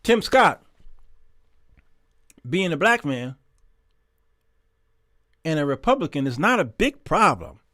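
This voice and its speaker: A man's voice: on the high side, big pitch swings, unhurried, long pauses, pushed and bright, dry recording, studio quality. A man hosting a Christian talk show, reading viewer comments and talking in an emphatic, conversational way, often repeating words.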